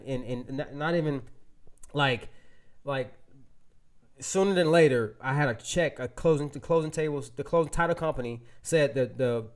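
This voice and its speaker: During a real estate webinar, a man with a mid-range voice relates a lively, informal story to his audience. His delivery is packed with false starts and filler words.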